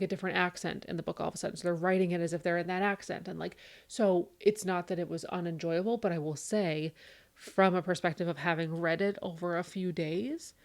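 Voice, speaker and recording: A woman in her thirties chatting on a podcast, telling animated stories and acting out her kids' voices. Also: lowish voice. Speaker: podcast co-host. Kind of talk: casual chat.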